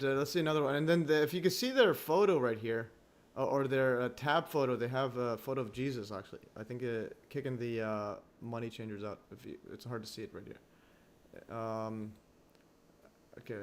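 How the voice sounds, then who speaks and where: A man hosting a livestream in casual chat, halting and full of restarts, chuckling often as he talks. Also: mid-range voice. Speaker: livestream host.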